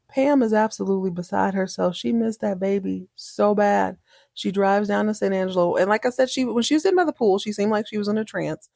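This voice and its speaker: A woman's voice: medium pitch, creaky, no room sound, studio quality. Chatty woman recapping a TV episode. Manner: chatty, animated, acts out characters' lines. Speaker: podcast host.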